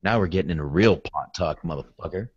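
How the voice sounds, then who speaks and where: A man's voice: low voice, fast talker, breathy edge, dry recording. A man hosting a podcast, chatting casually and jokingly, swearing freely and slipping into silly voices. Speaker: podcast host. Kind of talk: casual chat. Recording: dry dull lo-fi audio.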